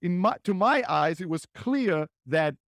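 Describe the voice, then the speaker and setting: A man's voice: high voice, expressive, measured pace, creaky, fairly bright tone, no room sound, studio quality. A man hosting his own podcast, telling a personal story in an earnest, reflective way and often checking in with "right?". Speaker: podcast host.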